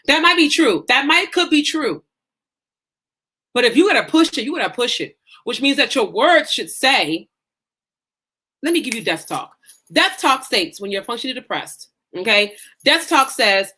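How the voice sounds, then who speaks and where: A woman's voice: high-pitched, very animated, unhurried, pushed and bright. A woman life coach giving a live-streamed coaching lesson, talking in an emphatic, folksy, preacher-like way. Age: adult mother.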